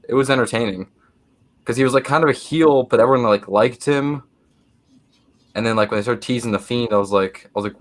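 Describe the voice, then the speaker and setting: A young man co-hosting a podcast, talking casually and hesitantly, often repeating himself. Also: lowish voice. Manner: hesitant, lots of fillers and repeats. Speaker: podcast co-host. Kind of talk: casual chat.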